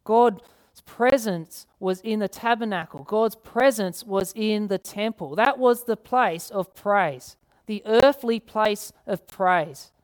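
A woman preaching a sermon, earnest, repeating key phrases and slowing down to read scripture. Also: mid-range voice. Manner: slows down to read scripture aloud.

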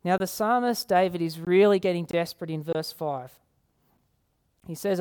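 A woman preaching a sermon, earnest, repeating key phrases and slowing down to read scripture. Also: on the low side, a little mellow, clean tone. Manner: slows down to read scripture aloud.

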